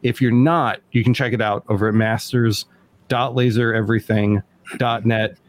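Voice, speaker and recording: A man's voice: medium pitch, fairly even intonation, moderate pace, no echo. A man hosting a casual podcast, rambling and joking with frequent restarts. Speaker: podcast host.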